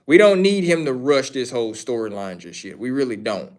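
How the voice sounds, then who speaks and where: A man's voice: medium pitch, very animated, brisk. A man hosting a casual livestream, answering chat questions in a rambling, opinionated way and repeating his points. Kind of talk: casual wrestling commentary.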